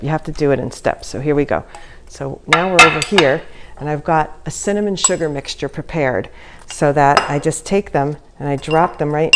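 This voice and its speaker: A woman's voice: deep voice, heavy background noise. A woman chatting casually while demonstrating a recipe in her home kitchen, giggling and laughing at herself often. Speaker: home cooking vlogger.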